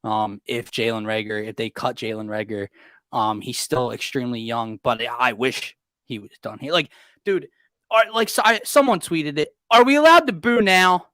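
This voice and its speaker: A man's voice: medium pitch, moderate pace, pushed and bright, no echo. A young man hosting a casual sports talk show, ranting in exasperation with sarcastic jabs. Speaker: podcast host.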